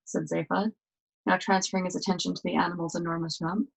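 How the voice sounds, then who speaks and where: Woman reading a book aloud, gravelly voice, steady storyteller pace. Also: fairly low pitch, fast talker, poor audio. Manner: steady expressive narration.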